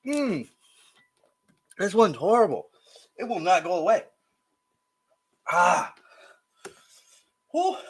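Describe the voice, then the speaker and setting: Husky guy with a kinda high voice, mouth burning, teary, sighing and groaning on stream. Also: sing-song, darkish tone. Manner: gasping, sighing and groaning between slow remarks. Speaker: livestream host. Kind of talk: casual livestream talk while eating hot sauces.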